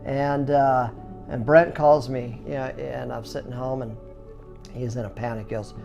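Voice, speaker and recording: A middle-aged man who owns a skateboard business, telling his story casually with lots of fillers and restarts, and animated sound effects. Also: mid-range voice, normal speed, gravelly, muffled recording, faint music behind. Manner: chatty, full of "you know" fillers and restarts; animated, acts out sounds and reactions.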